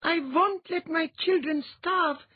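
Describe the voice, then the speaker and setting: A woman's voice: extremely high pitch, slow pace, dry recording, voice pushed up. A man voicing a fierce, commanding young queen in an audiobook. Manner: sharp, commanding. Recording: dull lo-fi audiobook recording.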